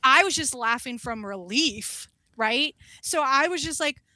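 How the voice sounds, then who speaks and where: A young woman, a wax specialist, telling an animated story in casual chat, swearing and acting out the voices of the people in it. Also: high-pitched, unhurried, no room sound.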